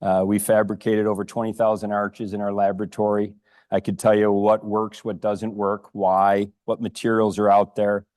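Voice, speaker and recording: A man in his fifties from upstate New York, a prosthodontist giving a conference lecture, unhurried and full of ums and restarts. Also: on the low side, level tone, darkish tone, no echo, clean studio sound. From Rochester, New York. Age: 50s. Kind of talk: conference talk. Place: lecture room.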